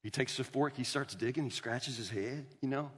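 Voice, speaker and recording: A man's voice: medium pitch, moderate pace, husky. A man, a pastor telling a story in a sermon and calling the crowd "y'all.". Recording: reverberant hall.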